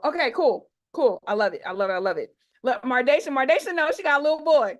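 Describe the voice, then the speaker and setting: A woman's voice: sits high, expressive, quick pace. A woman in her forties hosting an online expo over a video call. She speaks in a playful, chatty, slangy way and hypes up her audience.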